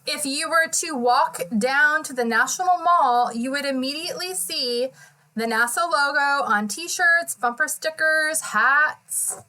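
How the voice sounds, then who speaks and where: A woman's voice: sits high, unhurried, bright, forceful tone, rough recording. A woman podcast host in casual chat, recapping a hearing in a chatty, self-correcting way.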